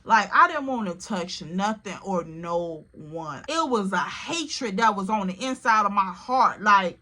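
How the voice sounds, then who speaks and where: A woman's voice: mid-range voice, lively intonation, a little slow, hardly any pauses, sharp tone. A woman telling a personal story to her viewers in a candid, emotional, casual way, often calling the listener "girl". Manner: casual, repeats "like" and "literally". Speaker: storytime vlogger.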